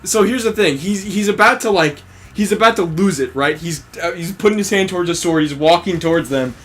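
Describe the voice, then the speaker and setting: A man's voice: high voice, fairly quick. A man casually retelling an anime episode while playing a game, cursing freely and acting out what the characters say. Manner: profane, animated retelling, acting out quoted characters. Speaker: let's play co-host. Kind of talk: casual gaming commentary chat.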